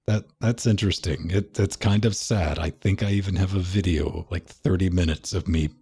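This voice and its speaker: A man's voice: low voice, gravelly, a little mellow, husky. A man co-hosting a tech podcast in casual chat, joking and self-deprecating as he talks. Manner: joking, self-deprecating, puts on mock voices. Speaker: podcast co-host. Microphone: studio mic.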